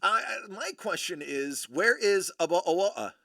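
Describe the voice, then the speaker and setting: A man's voice: high voice, lively intonation, measured pace, creaky, bright, forceful tone, no echo, studio quality. A man co-hosting a live stream, chatting casually in a playful, self-mocking, theatrical way. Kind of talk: casual joking banter.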